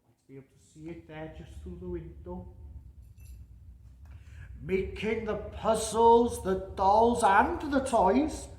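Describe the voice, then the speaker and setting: A man playing a jolly, slow-reading Santa Claus. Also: high voice, darkish tone. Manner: chuckling, chatty asides to young listeners. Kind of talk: storybook reading to children. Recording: echoey room.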